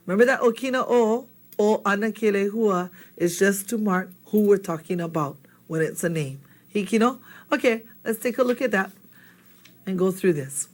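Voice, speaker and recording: A woman's voice: mid-range voice, fairly quick. Woman teacher running a language lesson, upbeat, keeps asking the class questions. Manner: lively, asks learners questions often. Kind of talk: language lesson with story dialogue.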